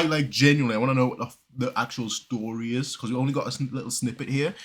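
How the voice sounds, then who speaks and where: A man from southern Germany giving casual reaction commentary, talking fast and rambling with many restarts and pauses. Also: medium pitch, steady tone, fairly bright tone, husky, faint music behind. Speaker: reaction video creator.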